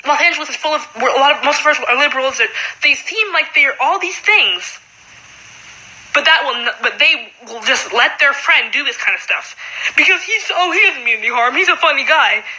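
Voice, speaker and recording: A teenage girl rants in a casual vlog, her voice high and piercingly bright. She fills every pause with "like" and sounds fed up. Her talk is quick and loose. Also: lively intonation, low-quality recording. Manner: fast, frustrated talk full of "like". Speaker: high school student.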